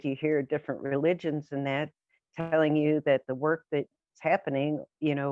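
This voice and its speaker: A woman's voice: a bass voice, darkish tone, no room sound. An earnest woman speaks as a guest, telling personal stories in a loose, conversational way full of small fillers. The recording sounds dry and a little dull. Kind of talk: personal storytelling.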